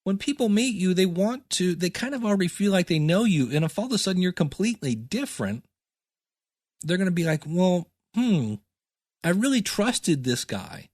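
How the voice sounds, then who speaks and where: Man, middle-aged, podcast teacher, chatty, self-deprecating, slightly high voice, dry close sound. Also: lively intonation, fairly quick, darkish tone, no room sound. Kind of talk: casual solo podcast talk.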